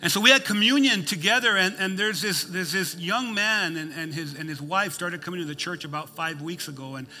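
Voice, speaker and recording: Male pastor, preaching; folksy, emphatic storyteller with a fairly high, piercing, forceful voice. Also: fairly quick, few pauses, soft background music. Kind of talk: sermon.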